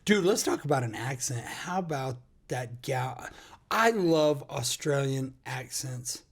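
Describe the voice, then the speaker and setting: A man's voice: medium pitch, animated, vocal fry. A man with an American accent co-hosting a casual podcast, folksy and emphatic, drawing out his words. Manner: folksy, drawn-out emphatic delivery. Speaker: podcast co-host. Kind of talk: casual chat.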